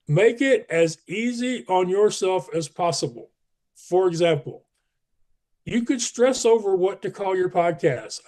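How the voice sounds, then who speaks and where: A man's voice: sits high, darkish tone. Emphatic man talking. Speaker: podcast guest. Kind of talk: casual interview talk.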